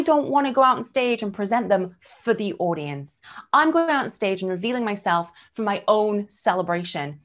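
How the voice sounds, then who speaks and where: A woman's voice: medium pitch, normal speed. A woman in her thirties hosting an online workshop over a video call, talking candidly and animatedly. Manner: candid, animated, acts out quoted voices. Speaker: workshop host.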